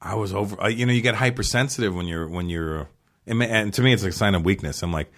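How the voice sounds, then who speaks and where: A man in his fifties from Toronto, a comedian hosting a casual chat, who tells stories in a blunt, profane, animated way. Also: on the low side, fast. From Toronto, Canada. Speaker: podcast host, comedian.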